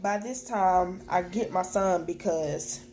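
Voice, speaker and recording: A woman's voice: lowish voice, slow pace, a little mellow. Young woman telling a candid story. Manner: candid, plain-spoken retelling with quoted dialogue. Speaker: vlogger. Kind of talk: storytime to camera. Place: at home with children nearby.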